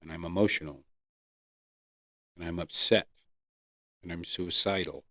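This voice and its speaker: A man hosting his own podcast, earnestly telling his personal recovery story with pauses and fillers. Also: low-pitched, steady tone, fairly bright tone, no echo, clean studio sound. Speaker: podcast host. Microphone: close podcast mic.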